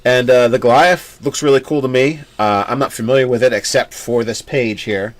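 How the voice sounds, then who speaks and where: A man's voice: mid-range voice, fairly even intonation, moderate pace. A man hosting a casual tabletop game chat, easygoing and hesitant, with frequent fillers. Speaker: host.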